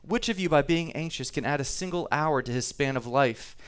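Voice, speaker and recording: A man's voice: a little high, fairly quick, clean tone. A man preaching a sermon to his congregation, talking easily, reading scripture aloud and repeating himself now and then. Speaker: pastor.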